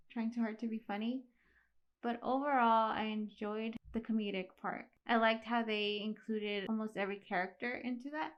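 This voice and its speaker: A woman's voice: on the high side, dull audio. Cheerful woman co-hosting a movie review. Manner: agreeable, quick to laugh. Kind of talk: casual movie review chat.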